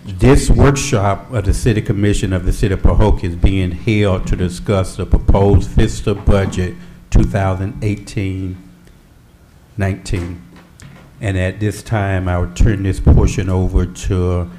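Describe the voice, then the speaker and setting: A man's voice: deep voice, steady tone, measured pace, background noise. A man, the mayor, opening a city workshop in a formal, scripted way. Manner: formal, reads procedural script. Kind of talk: chairing a public meeting.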